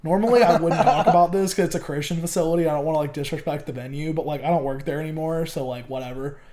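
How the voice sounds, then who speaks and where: A young man chatting casually as a guest on a podcast. He rambles and fills his speech with "like" and swearing, in a voice a little higher than most men's. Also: quick pace, a crowd in the background. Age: young adult. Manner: rambling, loaded with fillers like "like" and swearing. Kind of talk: casual chat.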